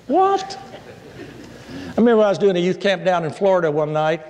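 A male pastor preaching a sermon in a church, telling stories in a folksy, animated way. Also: sits high, quick pace. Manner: storytelling, folksy, animated asides. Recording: echoey church hall.

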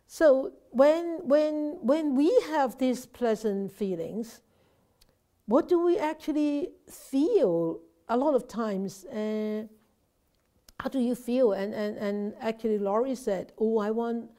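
Slow and mellow, with a slightly high pitch, this woman is a Buddhist nun giving a casual Dharma class over video. She talks conversationally, frequently restarts and repeats words, and checks in with those listening.

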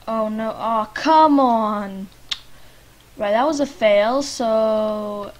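A woman from Lithuania with a Lithuanian accent, giving chatty gameplay commentary and talking to the game characters, at times muttering and at times loudly protesting. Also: fairly high pitch, drawn-out words. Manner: chatty, talks to the game characters, swings from mumbling to loud protests. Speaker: gaming YouTuber. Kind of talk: life-sim gameplay commentary. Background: faint game music.

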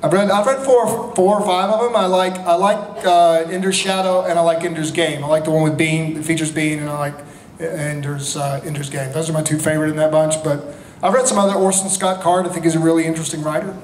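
Energetic man in an echoey convention hall. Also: a little high, a little fast. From North Carolina, USA. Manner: energetic, animated storyteller. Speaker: convention panel guest. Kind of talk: lively convention Q&A. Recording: echoey hall with faint noise.

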